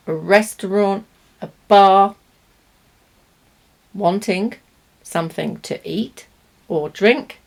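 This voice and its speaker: A woman with a British accent teaching English pronunciation, speaking slowly and deliberately, stressing each word for learners. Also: mid-range voice, gravelly. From Britain. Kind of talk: language lesson to camera.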